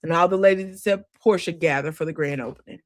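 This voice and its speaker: A woman recaps a reality show in a loose, chatty way, tossing in sassy asides and talking fast. Her mid-pitched voice swoops way up high for emphasis, and the sound is dry and close to the mic with no echo or room around it.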